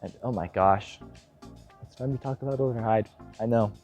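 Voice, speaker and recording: A young man in missionary training giving a casual vlog update, telling stories in an animated, self-deprecating way and acting out what people said. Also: mid-range voice, normal speed, soft background music. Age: young adult. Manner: animated storyteller, self-deprecating, acts out quotes.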